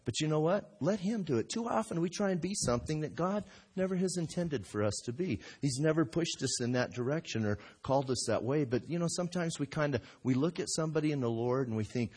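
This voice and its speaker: A middle-aged man preaching a sermon in a church, telling folksy stories and acting out voices with big jumps in pitch and loudness. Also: expressive, fast talker, hardly any pauses, husky. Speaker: pastor.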